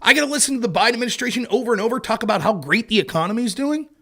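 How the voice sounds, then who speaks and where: Male stream host, high lively voice, sarcastic, swears, mocks critics. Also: racing. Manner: animated, sarcastic, mocking imitations of opponents; swears freely in exasperation. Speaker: political livestream host. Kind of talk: casual political commentary.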